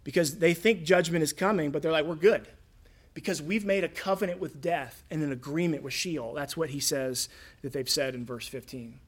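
A man's voice: on the high side, normal speed, husky. Man preaching a conversational sermon. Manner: conversational preaching, acts out quoted voices. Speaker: pastor.

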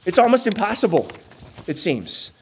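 A man's voice: high voice, very animated, moderate pace, slightly rough. A young adult man preaching a sermon as a pastor, earnest and emphatic, with rhetorical questions and rising stresses.

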